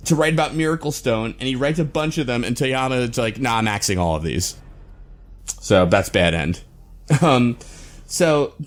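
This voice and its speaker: A man at a middling pitch co-hosts a podcast. He gives a loose, rambling recap from his notes. He keeps breaking into small chuckles. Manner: rambling, with many fillers and restarts and frequent chuckles. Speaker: podcast co-host.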